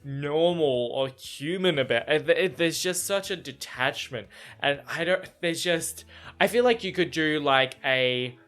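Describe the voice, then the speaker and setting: A man's voice: a little high, a little slow, a bit bright. Swearing, exasperated young man. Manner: heavy swearing, rambling, exasperated. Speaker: book reaction vlogger. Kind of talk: casual reading reaction.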